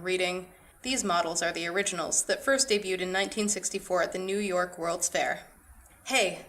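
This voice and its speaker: A woman reads her own short story aloud in a measured, steady narration. Her voice sits at a middle pitch and keeps an even storytelling pace. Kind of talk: scripted narration.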